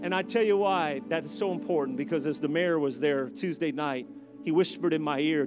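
A man preaching a sermon as pastor, joking in asides and building to loud, emphatic exhortations. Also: fairly high pitch, brisk, music in the background.

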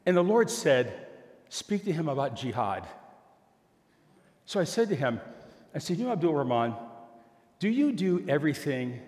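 An older man preaching a sermon, telling a story and acting out both sides of a conversation in an animated way. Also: a little high, normal speed, pauses often. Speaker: pastor. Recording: long hall reverb.

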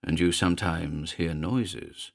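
A man voicing an eager gentleman house buyer who presses quietly and intensely for a ghost story. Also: low-pitched, slow pace, gravelly, full character voice. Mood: pressing.

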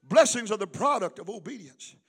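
A middle-aged pastor preaches with a very high, bright, forceful voice. He swings between loud shouting and quiet storytelling. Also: expressive, brisk, slightly rough, long reverb tail. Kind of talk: sermon.

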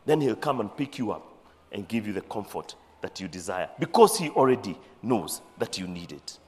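Male preacher, high-pitched and expressive, sermon in a big echoing hall. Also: moderate pace. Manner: animated, acts out scripture voices, mixes in Swahili phrases. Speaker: bishop preaching. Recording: long hall reverb.

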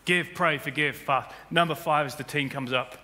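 A man preaching a sermon as pastor, building to loud emphatic peaks. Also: a little high, moderate pace. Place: church auditorium. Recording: long hall reverb with faint music.

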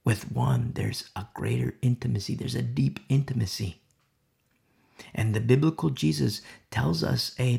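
A man's voice: mid-range voice, vocal fry, mellow. A man preaching a sermon, emphatic and repetitive, often asking "you see?" and sometimes dropping to a near whisper.

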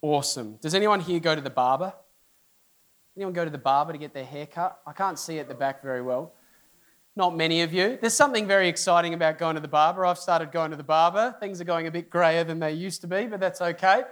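A middle-aged pastor stands before his congregation in a church hall, telling a funny story in a voice on the high side at a quick pace. He's an animated storyteller who acts out the people in the tale, his voice leaping up for their inner outbursts.

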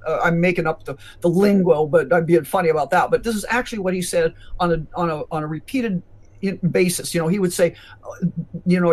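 High-voiced emphatic male physician. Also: a little fast, darkish tone. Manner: emphatic, lecturing. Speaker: physician guest. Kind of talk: conversational interview.

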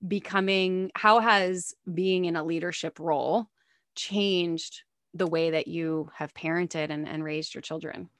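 A woman's voice: fairly low pitch, fairly even intonation, measured pace, no room sound. A woman hosting an interview, chatty and effusive, often saying "like" as she asks questions. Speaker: podcast host, interviewer. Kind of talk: casual interview chat.

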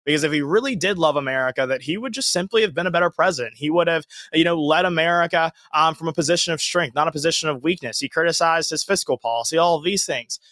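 A young man being interviewed as a guest, telling his story in an earnest, lively way. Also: on the high side, quick pace, hardly any pauses, no room sound, studio quality. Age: young adult. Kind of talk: casual interview answers.

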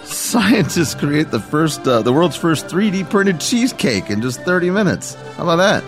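A man's voice: a little high, big pitch swings, moderate pace, music in the background. A man co-hosting a comedy radio show, reading odd items and dryly groaning at his partner's jokes in casual banter. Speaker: radio co-host.

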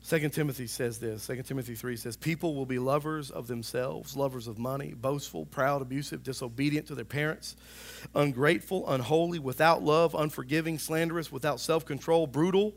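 A male pastor preaching a sermon in a church, animated and talking to the congregation, now and then acting out voices. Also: medium pitch, a little fast. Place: church sanctuary.

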